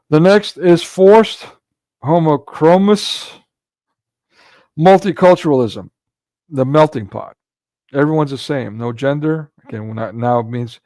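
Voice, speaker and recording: A man's voice: mid-range voice, a little mellow, no room sound. A man hosting a casual livestream commentary, talking in a rambling way with frequent restarts and filler words. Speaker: livestream host.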